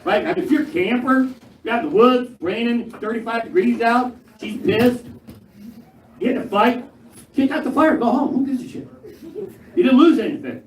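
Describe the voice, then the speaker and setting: An older man performing a stand-up routine on stage, gruff and profane with punchy, jumpy delivery. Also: extremely high pitch, moderate pace. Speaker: stand-up comedian. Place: live comedy club stage. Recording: echoey live room, mic far, crowd noise. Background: audience laughter.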